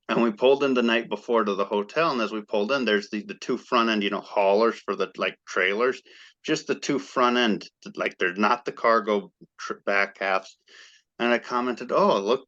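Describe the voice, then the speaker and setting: A man, a guest fan, telling a story in casual chat, excited and animated as he acts out the quoted dialogue. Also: fairly low pitch, gravelly, dull audio.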